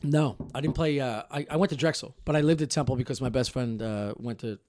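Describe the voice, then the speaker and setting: A man's voice: mid-range voice, quick pace, a little mellow, no echo, studio quality. Profane rambling man telling stories. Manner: profane, rambling storyteller with many restarts. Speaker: podcast guest storyteller. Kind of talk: casual podcast chat.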